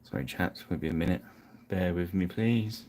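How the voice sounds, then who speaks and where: A man's voice: low-pitched, animated, moderate pace, a little mellow, a little hiss or hum. A man hosting a live painting stream, chatting casually and apologizing with self-deprecating asides.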